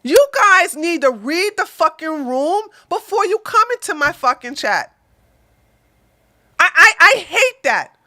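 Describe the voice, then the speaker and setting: Loud, combative high-pitched woman ranting. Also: sing-song, unhurried, no room sound, studio quality. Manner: combative, profane, swings between loud bursts and mutters. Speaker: political livestream host. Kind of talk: ranting political livestream commentary.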